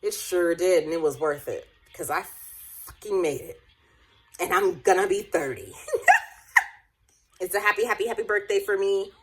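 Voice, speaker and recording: A woman in her late twenties with a slightly low voice, speaking to camera in a personal vlog. She talks in a loose, rambling way, restarting her sentences often and breaking into laughs. Now and then her voice wavers close to tears. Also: fairly even intonation, normal speed, pauses often. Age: late 20s. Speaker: vlogger.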